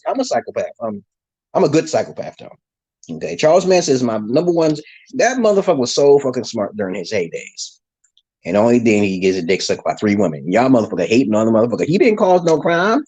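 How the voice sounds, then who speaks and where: A man's voice: medium pitch, big pitch swings, fairly quick, darkish tone, husky, poor audio. A man delivering a rambling monologue to his viewers, ranting with heavy swearing and frequent restarts. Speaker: channel host.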